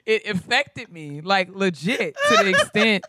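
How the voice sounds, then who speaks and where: A woman in her thirties, co-hosting a casual podcast chat, telling childhood stories in an animated way and laughing often. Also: mid-range voice, measured pace, noisy background. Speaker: podcast co-host.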